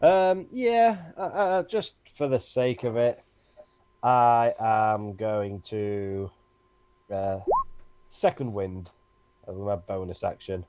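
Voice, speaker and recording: A man's voice: on the low side, slow pace, darkish tone, clear, resonant tone. A man playing a tabletop game, describing his character's moves in a rambling, playful way. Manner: rambling, self-correcting, playful. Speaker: player. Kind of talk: casual tabletop play.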